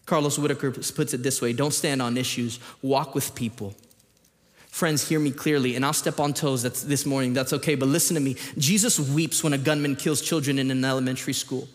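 A man preaching a sermon as a pastor, moving between quiet scripture reading and loud, animated emphasis. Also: mid-range voice, fairly quick. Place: church auditorium. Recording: long reverb of a large hall.

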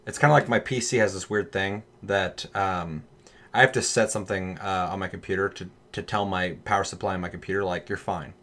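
A man with a lowish voice in loose, casual conversation. He talks with lively energy, swears often and drops into quick mock voices as he tells his stories. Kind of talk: casual chat.

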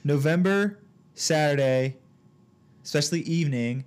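A man's voice: a little high, normal speed. A young man co-hosting a podcast in casual chat, trailing off and restarting mid-thought. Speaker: podcast co-host.

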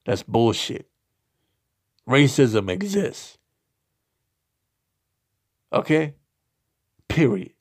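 Male solo commentator, gravelly, slow, blunt and profane. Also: mid-range voice. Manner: slow, halting delivery with repeated restarts. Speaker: podcast commentator.

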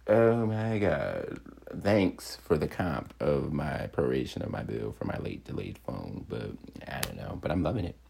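Gravelly-voiced man ranting and cursing. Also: extremely low pitch, moderate pace. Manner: swearing freely, animated, jumps into mocking quoted voices. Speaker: podcast host. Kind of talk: casual solo rant.

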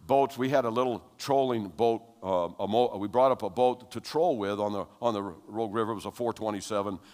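A man's voice: on the low side, a little fast. Older male preacher in reverberant hall. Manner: conversational storyteller who grows loud and animated. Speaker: preacher giving testimony. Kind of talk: sermon storytelling. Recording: long reverb of a large hall.

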